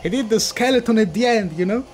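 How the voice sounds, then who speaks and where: A man streaming live reaction commentary, excitable, swinging from hype shouts to low mutters. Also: quick pace, faint music behind.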